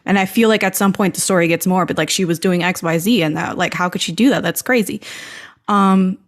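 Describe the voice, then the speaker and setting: A woman's voice: lowish voice, brisk. A woman hosting a podcast, chatting freely with lots of "like" fillers and acting out her own inner thoughts as quotes. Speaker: podcast host. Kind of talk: casual podcast chat.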